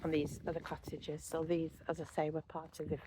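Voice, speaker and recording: A woman's voice: low voice, level tone, brisk, noisy background. A middle-aged woman chatting casually in a walking vlog, rambling like a tour guide with lots of ums and easy asides. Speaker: vlogger showing a walking spot.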